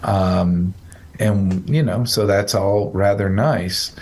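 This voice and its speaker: A man's voice: deep voice, steady tone, slow, a little mellow, husky. A man hosting a casual psychology podcast, explaining a study in a rambling, self-correcting, joking way. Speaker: psychologist host.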